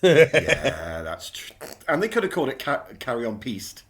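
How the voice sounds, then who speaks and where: A man talking as a guest in a loose comedy podcast chat. His voice is bright and forceful, with hugely varied pitch. He often drops low into wry, muttered asides. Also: very animated, normal speed.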